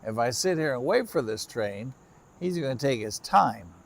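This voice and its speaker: A gravelly, medium-pitched voice belongs to a tired middle-aged railfan chatting casually on his nighttime trackside livestream. His intonation is lively and his pace moderate, and chirping crickets and insects fill the background.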